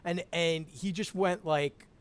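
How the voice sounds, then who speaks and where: A man chatting as a podcast guest over a call, animated, laughing often and restarting his sentences. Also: on the high side, slow pace, clean tone. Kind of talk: casual podcast chat.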